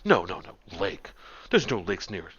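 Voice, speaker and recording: A man's voice: low-pitched, wildly swooping pitch, a little slow, a bit bright, husky, dull audio, exaggerated voice. A man voicing a pompous, fussy older male town official who repeats himself dismissively in a tabletop game.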